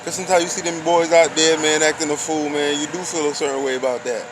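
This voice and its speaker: A man talks in a loose, slangy way, preaching and piling up rhetorical questions. His voice sits a little higher than most men's. Passing cars and a steady street hum fill the noisy outdoor recording. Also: fast talker, hardly any pauses. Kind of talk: casual street monologue.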